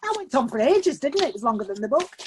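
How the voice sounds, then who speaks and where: A woman's voice: sits high, big pitch swings, fast talker, slight background noise. A woman author reading aloud from her own novel over a video call, with self-deprecating humor.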